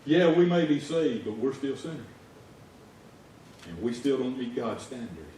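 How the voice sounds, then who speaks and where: A man's voice: mid-range voice, very animated, a little slow, slight background noise. A man with a Southern US accent preaching a folksy, conversational sermon as a lay preacher. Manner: folksy, conversational, rising to shouts in stories. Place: church sanctuary. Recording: echoey church heard from far off.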